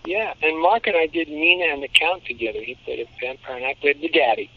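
Older guy in his 70s telling showbiz stories, fairly high voice, muffled audio. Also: fast talker. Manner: animated, jokey storyteller who slips into demo voices. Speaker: voice actor guest. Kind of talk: anecdotal interview talk.

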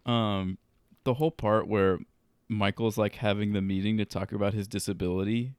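A man's voice: on the low side, steady tone, normal speed, a little mellow, smooth, no echo, clean studio sound. A man in casual chat, recapping sitcom moments, laughing often and quoting lines with lots of "like". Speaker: podcast co-host.

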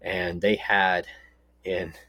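A middle-aged man from Texas with a very low, deep voice, chatting loosely on a podcast. He rambles through stories with a joking, easygoing manner, and his voice sounds close and dry with no room echo. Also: flat delivery, extremely slow, pushed and bright, husky. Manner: rambling, storytelling, jokey. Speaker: podcast co-host. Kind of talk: casual podcast chat.

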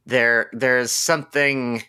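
A man's voice: mid-range voice, steady tone, takes it slowly, bright, forceful tone, smooth. A man co-hosting a movie podcast in casual chat, jokey and sarcastic as he riffs. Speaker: podcast co-host.

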